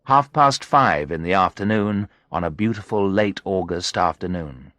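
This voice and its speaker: A man narrating a graded story in the first person, reading in an expressive storytelling manner. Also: deep voice, moderate pace, dry recording. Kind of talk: scripted narration of a graded reader.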